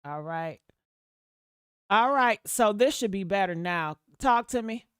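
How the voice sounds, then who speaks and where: A woman's voice: mid-range voice, animated, slow, fairly bright tone, clean tone, no room sound, studio quality. A woman giving blunt, profane, sassy commentary on a livestream, calling her listeners honey. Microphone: desktop mic.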